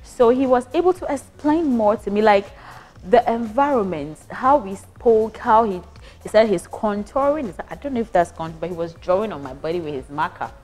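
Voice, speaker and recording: A young Ghanaian woman casually recounting her hospital stay as a patient, animated and prone to restarts. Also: medium pitch, a little fast, soft background music. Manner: animated, acts out voices, frequent restarts. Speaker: patient giving a testimonial. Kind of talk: casual storytelling.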